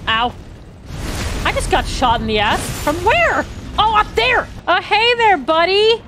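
High, animated woman gamer yelping. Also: a little slow. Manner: excitable, swears a lot, yelps and repeated cries. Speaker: gamer streamer. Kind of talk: let's play commentary. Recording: game music clearly behind.

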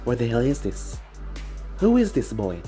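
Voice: mid-range voice, very animated, brisk, warm tone, faint music behind, natural voice. A narrator reading a fan-fiction story, voicing a sneering, snake-like male villain ninja with a mocking, taunting manner. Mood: scornful.

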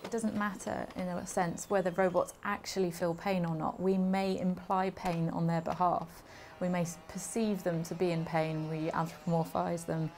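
A woman's voice: on the low side, little pitch movement, normal speed, few pauses, a little mellow, slight background noise. A woman speaking fluently and thoughtfully in a documentary interview as an academic.

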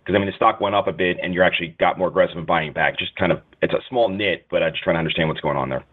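A man's voice: low-pitched, racing. A man calling in as an analyst, asking long rambling questions full of fillers on an earnings call. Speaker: analyst caller. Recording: tinny phone line.

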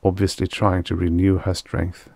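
A man narrating a vintage science fiction short story at a measured pace. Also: low-pitched, completely flat delivery, vocal fry, darkish tone, no echo. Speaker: audiobook narrator.

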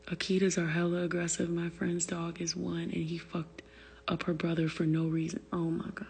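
A woman's voice: lowish voice, completely flat delivery, normal speed, darkish tone, breathy edge, big-room sound. A young woman venting on a phone livestream, profane and exasperated, answering viewer comments aloud. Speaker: livestream host. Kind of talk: casual livestream rant.

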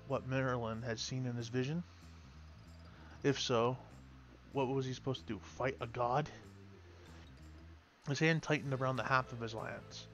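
A man reading a fantasy story aloud at a middling pitch, now and then stumbling and restarting a phrase. Background music plays throughout. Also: a bit bright. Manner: reads with slips and restarts. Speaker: lore reader. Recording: music playing behind.

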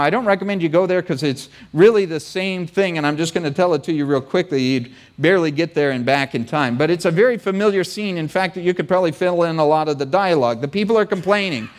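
A male pastor delivering a sermon in a church, slightly higher-pitched than most men. He tells the scripture story with jokes and plays the people in it with quick, animated voices.

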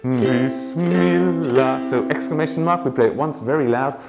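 Brief: male ukulele tutor, upper-middle pitch, animated delivery, loud ukulele playing behind him. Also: fast talker, loud music behind the voice. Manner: chatty, laughs often, breaks into singing. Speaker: ukulele teacher. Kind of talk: casual tutorial talk with sung demonstrations.

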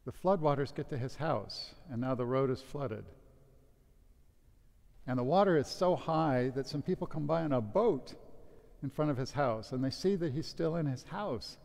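A man's voice: mid-range voice, normal speed, gravelly, a little mellow. A man officiating a wedding as priest, giving a casual homily with a joke. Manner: casual, joking storyteller. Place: church. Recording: long church reverb.

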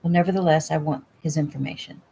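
A woman voicing a calm, authoritative middle-aged lawman in a storybook, gentle but firm. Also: low-pitched, quick pace, gravelly, slightly rough, full character voice.

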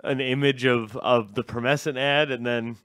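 A man's voice: mid-range voice, steady tone, moderate pace, a bit bright, no echo, studio quality. A man who produces a comedy podcast, chatting in a laid-back way and trailing off into mumbled asides. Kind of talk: casual podcast banter.

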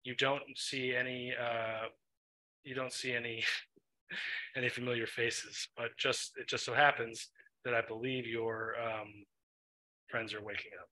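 A man steers his tabletop group as game master, talking in loose, meandering sentences padded with ums. His voice is strikingly bright and sits at an ordinary middle pitch. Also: a little slow, pauses often, low-quality recording. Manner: relaxed, filler-heavy narration with many ums.

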